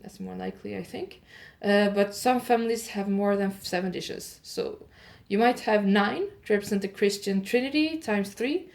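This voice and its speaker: A woman hosting an audio advent calendar show. She reads holiday facts in one improvised take, pauses with "uh" to fix her pronunciation, and adds chatty asides to her listeners. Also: mid-range voice, vocal fry, a little mellow. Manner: reads steadily, stops often with "uh" to correct her pronunciation.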